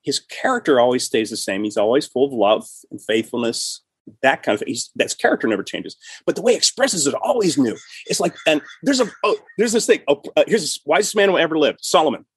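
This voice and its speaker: A middle-aged male podcast host and writer in casual chat, animated and often restarting and repeating himself. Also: a little high, fast, slightly rough, no echo.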